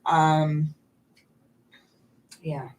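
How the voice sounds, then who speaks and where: A woman's voice: deep voice, level tone, extremely slow. A woman in her forties hosting a live stream, chatting candidly and answering viewers' questions while snacking on candy. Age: 40s.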